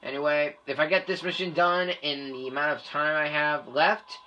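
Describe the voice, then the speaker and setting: A young adult gamer giving let's play commentary, excitable, with loud outbursts and heavy swearing. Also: mid-range voice, normal speed, dull audio, a little hiss or hum. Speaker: gamer playing through a shooter.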